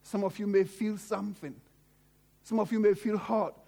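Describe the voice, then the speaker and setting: High-voiced fervent male preacher. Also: flat delivery, normal speed, creaky, mellow. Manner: fervent, repetitive, exhorting. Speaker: pastor. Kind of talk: sermon.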